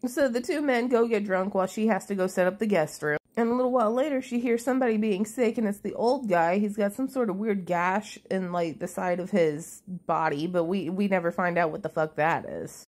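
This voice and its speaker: A woman's voice: medium pitch, brisk, few pauses, a little mellow. A woman recapping a movie in a casual, chatty way, sarcastic and full of swearing.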